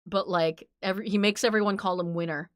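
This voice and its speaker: A woman's voice: mid-range voice, fairly even intonation, quick pace, no echo, clean studio sound. A woman from New Jersey giving game commentary as a streamer, giggly, profane and incredulous.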